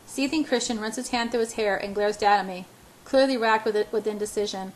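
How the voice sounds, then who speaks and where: A woman's voice: medium pitch, a little fast, low-quality recording. A woman reading a first-person romance novel aloud as an audiobook. Her reading is unpolished, with frequent stumbles where she trips over a word and starts it again. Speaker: audiobook reader.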